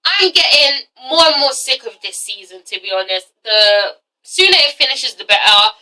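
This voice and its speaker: A woman's voice: high-pitched, big pitch swings, moderate pace, pushed and bright, distant mic, poor audio. A young woman reviewing a TV show, blunt and profane with exasperated asides. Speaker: TV review vlogger. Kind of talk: casual ranting review.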